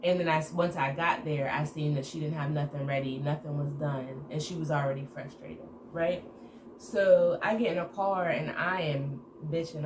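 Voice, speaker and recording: A woman telling a casual story to her viewers in an animated way, acting out the dialogue. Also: on the low side, moderate pace. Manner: animated retelling with acted-out quoted dialogue. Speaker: storytime vlogger. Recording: echoey room with background noise.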